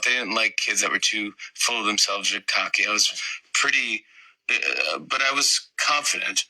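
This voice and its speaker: A man in his fifties telling an anecdote as an interview guest, animated and acting out voices. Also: fairly low pitch, normal speed, rough recording. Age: 50s. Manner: animated storyteller who acts out voices. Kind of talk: casual anecdote.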